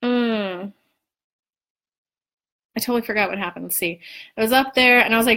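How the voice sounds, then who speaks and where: A woman in her thirties telling a personal story to her viewers in a casual, animated way, swearing freely and acting out what people said. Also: mid-range voice, normal speed, pauses often. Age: 30s. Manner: animated, swearing, acts out quoted dialogue. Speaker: spiritual coach and vlogger.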